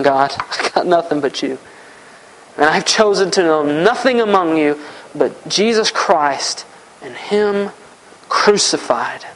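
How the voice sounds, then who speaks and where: A man's voice: high voice, rough recording. A man preaching a sermon, earnest and repetitive, often voicing heartfelt prayers aloud.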